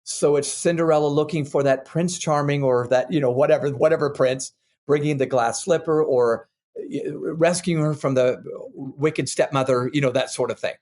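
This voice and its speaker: Older guy guesting on a parenting interview, earnest and lively, tells stories with lots of um and you know. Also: fairly high pitch, normal speed. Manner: earnest, animated anecdotes with fillers. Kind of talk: candid interview storytelling.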